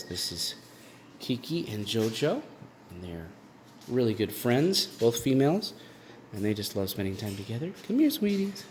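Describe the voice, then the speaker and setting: Chatty man touring his bird room. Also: a little mellow. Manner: chatty, with many fillers and restarts; switches to high coaxing baby talk with the birds. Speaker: bird owner giving a room tour. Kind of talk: casual walk-through vlog. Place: indoor bird room in a house. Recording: constant room noise with clicks.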